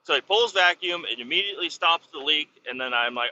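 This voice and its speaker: A man's voice: fairly high pitch, lively intonation, fairly quick, bright, forceful tone, highs cut off, slight background noise. A man driving a truck in the snow, telling a rambling, profane story in a casual, irritated way. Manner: rambling, swears constantly, irritated. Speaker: truck driver vlogging. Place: truck cab on a snowy road.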